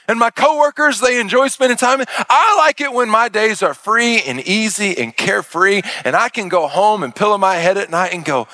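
A middle-aged man preaching a sermon as a pastor, animated and playful, acting out voices with big swings in pitch. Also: normal speed, hardly any pauses, no echo, clean studio sound.

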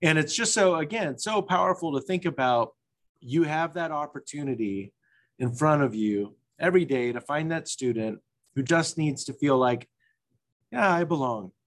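A man's voice: fairly high pitch, lively intonation, moderate pace. Reflective man musing in casual chat. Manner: reflective, restarts and trails off. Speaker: co-host.

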